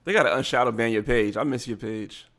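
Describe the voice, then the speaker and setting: A man co-hosting a talk show, speaking in a relaxed, laid-back way in casual chat. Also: medium pitch, fast.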